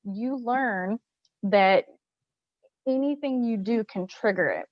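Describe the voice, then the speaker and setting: A woman's voice: fairly high pitch, takes it slowly, dry recording. A woman hosting an interview, talking bluntly and frankly in a casual way. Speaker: host. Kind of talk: candid interview talk. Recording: dry, slightly muffled lo-fi audio.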